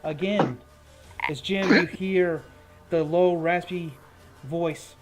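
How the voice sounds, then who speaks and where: A man with a fairly high voice runs a tabletop fantasy game, explaining the rules and then narrating the combat in a relaxed, descriptive way. Soft music plays under the talk. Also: takes it slowly. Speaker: game master.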